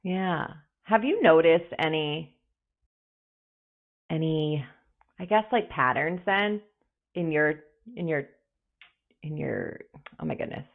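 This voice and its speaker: A woman hosting a podcast in casual chat, rambling and animated, often acting out little inner voices. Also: low-pitched, slow, long pauses. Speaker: podcast host. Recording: tinny call audio.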